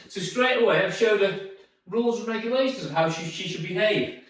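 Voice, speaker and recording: Emphatic dog trainer, very echoey room. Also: male voice, high voice, fairly quick. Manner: emphatic, repetitive, coaxing sing-song praise to the dog. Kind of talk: instructional talk to camera. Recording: very echoey, distant from the mic.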